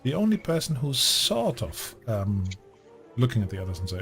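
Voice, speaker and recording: A man running a tabletop game as game master, relaxed and rambling with fillers. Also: mid-range voice, moderate pace, soft background music.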